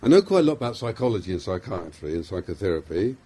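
A man's voice: low voice, big pitch swings, fast talker, mellow, slight background noise. A middle-aged man with a London accent, a psychiatrist giving an informal, self-deprecating talk to a small group, full of fillers and restarts. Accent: London English.

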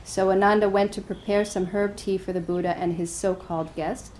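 A woman meditation teacher giving a dharma talk and telling a story in a gentle, hesitant way, with easy laughter. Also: medium pitch, steady tone, a little fast, a little hiss or hum, low-quality recording.

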